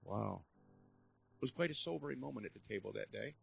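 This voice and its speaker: Gravelly older male preacher. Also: fairly low pitch, animated, fairly quick, dull audio. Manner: earnest, rising to fervent exhortation. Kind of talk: storytelling sermon. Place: church service hall.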